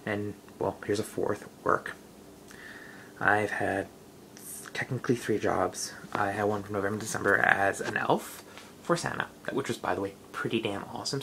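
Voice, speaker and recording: Gravelly young man rambling. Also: fairly low pitch, a bit bright, slight background noise, low-quality recording. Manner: rambling, loose, lots of fillers. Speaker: vlogger. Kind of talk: casual rambling vlog.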